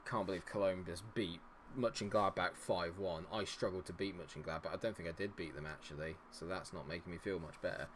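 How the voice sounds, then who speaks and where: A man's voice: deep voice, fairly even intonation, fairly quick, fairly bright tone, slight background noise. A man streaming his own game, commentating live, exasperated, swearing and talking at the players on screen.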